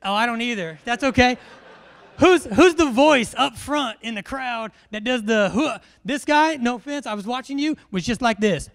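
Speaking at a normal speed, a high-voiced male instructor in military education runs a funny briefing for a big class. He's animated, cracking jokes, teasing people and firing questions at the audience.

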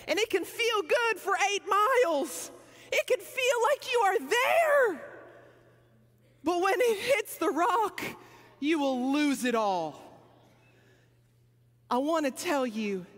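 High-voiced woman preaching in a hall. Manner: dramatic storytelling, acts out crowds, drops to hushed counting. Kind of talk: sermon. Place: large church sanctuary. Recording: long hall reverb.

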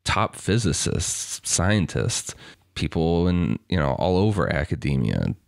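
A man's voice: low voice, sing-song, unhurried, vocal fry, dry recording, clean studio sound. A man co-hosting a podcast, easygoing and chuckling as he talks in casual banter. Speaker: podcast co-host.

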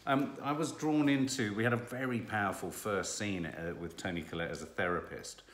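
A low-pitched British man chatting casually about a TV show, with a playful, cheeky manner and a habit of tossing in asides. His voice bounces around an echoey room. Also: brisk, a bit bright. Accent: British English. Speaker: co-host reviewing a TV series. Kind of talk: casual chat.

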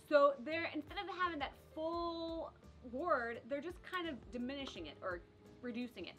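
French lady teaching french, high bright voice, chatty, a bit of music behind. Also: moderate pace. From south of France. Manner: lively, explains with spoken French examples. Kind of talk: casual video lesson.

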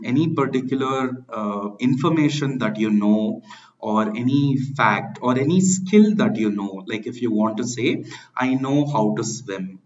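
A man's voice: mid-range voice, lo-fi sound. A man teaching French grammar in English, explaining patiently and spelling out words letter by letter. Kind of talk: grammar lesson.

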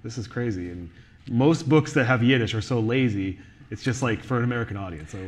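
A man's voice: medium pitch, expressive, brisk. A man interviewing an author on stage at a live event, casual and chatty, with a lot of "like" fillers. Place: live event venue with audience.

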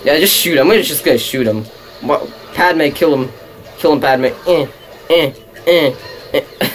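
A young man giving casual, excitable gameplay commentary, laughing and mocking his own play. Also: on the high side, moderate pace, soft background music. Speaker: let's play gamer.

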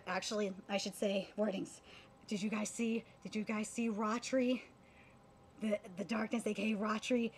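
A woman streaming a live anime reaction, gushing as an excitable fan with many fillers and restarts. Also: on the high side, husky.

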